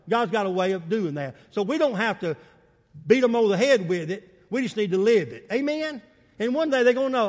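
High-voiced preaching man in a big hall. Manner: emphatic preaching with call-and-response, acts out quotes. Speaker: pastor. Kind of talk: sermon. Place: church sanctuary.

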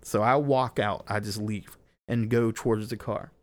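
A man's voice: lowish voice, steady tone, moderate pace. A young man telling a long story in casual podcast chat, rambling with many fillers and frequent swearing.

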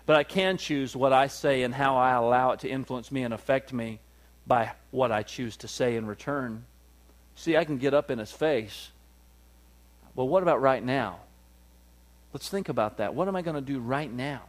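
A male pastor, preaching a sermon, swinging from loud, high peaks down to low, quiet stretches and calling for "amen" from the room. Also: normal speed. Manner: call-and-response preaching, rises to loud peaks then drops low.

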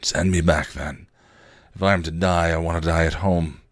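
A man voicing a starving, dying male vampire who talks in a weak, strained croak with a put-on accent. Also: sits low, fairly even intonation, moderate pace, dry recording, clean studio sound. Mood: defiant.

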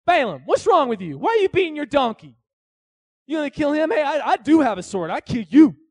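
A man's voice: very high-pitched, sing-song, fairly quick, a little mellow, no room sound, studio quality, pitched above the performer's own voice, heavily acted. A man doing a blunt, scolding angel. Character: stern, blunt male angel.

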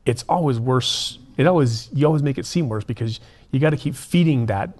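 A man, a prison minister and guest, telling a story in an earnest, animated way and acting out the dialogue. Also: mid-range voice, a little fast. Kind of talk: conversational storytelling.

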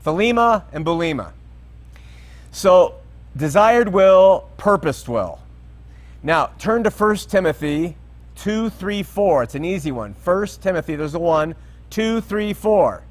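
Man, sermon, Bible teaching, emphatic, questioning, slightly high voice. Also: lively intonation, slow. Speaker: preacher.

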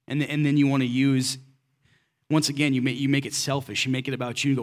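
A man's voice: mid-range voice, flat delivery, fast talker. A man preaching a sermon in a casual, conversational way, asking the congregation rhetorical questions and slipping in everyday slang. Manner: casual and direct, slips in slang. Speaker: pastor.

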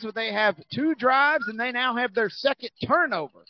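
A man calling play-by-play for a high school football game, building excitement on big plays. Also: normal speed, hardly any pauses, lo-fi sound. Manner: energetic, rising on big plays. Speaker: play-by-play announcer.

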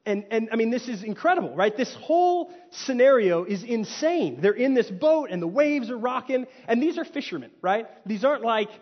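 A man from Texas preaching a sermon, telling stories with animated swings from loud to hushed. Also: very high-pitched, moderate pace, hardly any pauses, big-room sound, dull audio. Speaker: pastor. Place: church.

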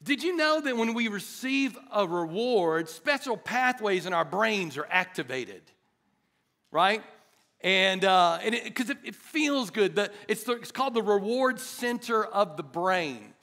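A middle-aged man preaching a sermon to his church, animated and chatty, joking with the congregation. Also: high-pitched, a little slow. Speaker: pastor. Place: church hall.

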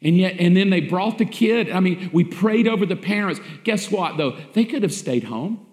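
A man's voice: high voice, animated, normal speed, darkish tone. A man preaching a sermon as pastor, emphatic and repetitive, with rhetorical questions to the congregation. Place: church sanctuary. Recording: echoey church hall.

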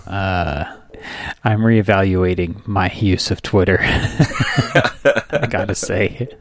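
A man's voice: low-pitched, takes it slowly, gravelly, no room sound. A man co-hosting a podcast, talking in an easygoing, joking, chatty way. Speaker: podcast co-host. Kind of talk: casual chat.

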